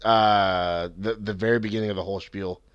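A man with a lowish voice talks in a relaxed, profane way, trailing off into fillers. His voice is dry and close on a headset. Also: fairly quick, clean tone, dry recording, lo-fi sound. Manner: laid-back, profane, mumbling fillers. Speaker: friend on voice call. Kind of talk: casual chat over voice call.

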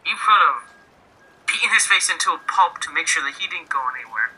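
A man's voice: on the high side, lively intonation, brisk, pushed and bright, slightly rough, full character voice. A man playing an earnest grieving crewmate. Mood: earnest, consoling. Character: earnest man consoling his captain over his dead brother. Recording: phone-like lo-fi line.

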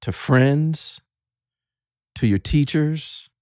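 A man in his fifties, a father speaking with emotion in a casual podcast talk, halting and repeating words as he gets choked up. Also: on the high side, darkish tone, no echo, studio quality. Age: 50s. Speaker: guest, host's father.

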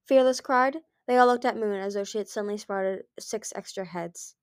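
A woman narrating a fantasy novel aloud in a soft, even reading voice with small slips. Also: mid-range voice, a little fast, no echo, studio quality. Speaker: audiobook reader. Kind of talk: storybook narration.

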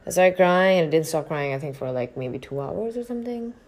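A woman's voice: lowish voice, lively intonation, a little fast, a little mellow. A woman, an actor telling a personal story in a frank, reflective and profane way. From northern India.

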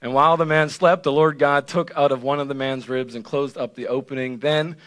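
A male pastor giving an animated, conversational sermon that keeps checking in with the listeners. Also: mid-range voice, brisk. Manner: animated, conversational preaching with frequent "right?".

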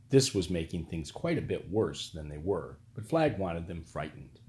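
A man narrating an audiobook in a steady, even storytelling manner. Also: low-pitched, normal speed, hardly any pauses.

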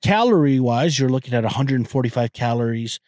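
A man's voice: mid-range voice, animated, brisk, a little mellow, dry recording. Young male podcast host, loose and profane, dry close sound, stumbles and restarts a lot. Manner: rambling, profane, many restarts and fillers. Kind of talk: casual solo podcast talk.

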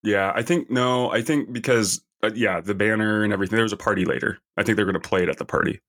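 A man's voice: on the low side, fast talker, a bit bright. A man co-hosting a podcast, chatting casually with short replies and comments. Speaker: podcast co-host. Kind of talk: casual chat.

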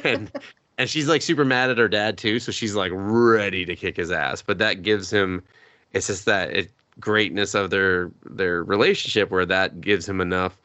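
A man chats casually on a podcast, rambling through a story and cursing freely. His voice sits on the low side, and the sound is dry and close with no room echo. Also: steady tone, moderate pace, bright, forceful tone. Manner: rambling, swears freely, acts out characters' lines. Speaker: podcast co-host. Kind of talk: casual anime recap chat.

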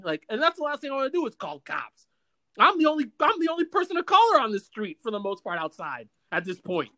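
A man hosting a podcast, telling a long story in a casual, animated way with many stammers and restarts. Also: high-pitched, quick pace. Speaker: podcast host.

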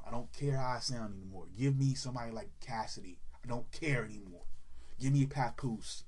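A man's voice: mid-range voice, a little mellow, slightly rough. A man delivering a blunt, profane, heated rant about music. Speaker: music commentator. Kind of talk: ranting opinion monologue.

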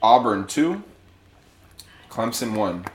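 Animated man hosting a sports chat. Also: on the low side, roomy sound. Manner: animated, quick, laughs often. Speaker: podcast host.

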